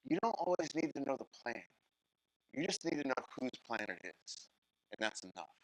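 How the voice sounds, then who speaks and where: A man preaching a sermon as a guest pastor, telling the story in an animated way and acting out the characters' lines while talking straight to the congregation. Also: medium pitch, moderate pace, no room sound, poor audio. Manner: animated storytelling, acts out Bible characters in voices; talks to the congregation directly.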